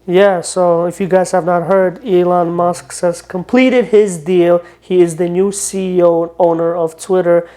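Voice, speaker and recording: A man with a Russian accent co-hosts a laid-back podcast in a deadpan, even tone. His voice is dark and mellow and barely rises or falls. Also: sits high, a little slow, hardly any pauses. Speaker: podcast co-host. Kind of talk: casual comedic chat.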